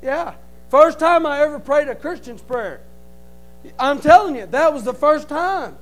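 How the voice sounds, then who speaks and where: A middle-aged man giving an impassioned testimony in church, pleading and rising to shouts. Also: extremely high pitch, expressive, measured pace, low-quality recording. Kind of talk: preaching testimony.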